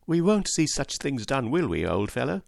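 A man reading an audiobook and voicing an earnest young stable boy who speaks in an excited, pleading way. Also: mid-range voice, normal speed, no room sound, studio quality, voice pushed up. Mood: proud.

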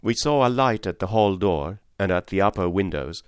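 A man reading a classic story aloud in a gentle, measured storytelling manner. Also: low voice, expressive, smooth, dry recording, clean studio sound. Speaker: audiobook reader. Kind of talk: storybook narration.

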